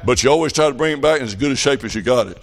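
A middle-aged man preaching a revival sermon, telling folksy stories in a plain country way and rising to loud shouted passages. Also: medium pitch, animated, racing.

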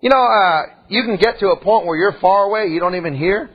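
A man preaching a sermon in a folksy, animated way, full of asides and questions to the congregation. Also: high-pitched, brisk, husky, highs cut off.

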